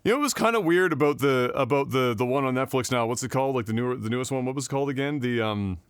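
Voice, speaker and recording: A man's voice: medium pitch, very fast, clear, resonant tone, dry recording, studio quality. A man co-hosting a podcast, chatting in a loose, rambling way and laughing easily. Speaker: podcast co-host. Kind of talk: casual podcast chat.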